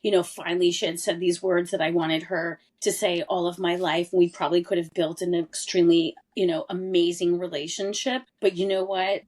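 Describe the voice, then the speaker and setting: Her voice slightly low and a little mellow, a woman in her forties talks as a podcast interview guest about a personal story. She once lived in Europe and speaks earnestly and candidly, leaning hard on key words.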